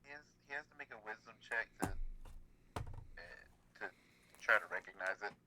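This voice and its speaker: A man playing in a tabletop game, asking quick questions about the rules. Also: fairly low pitch, background noise. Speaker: player.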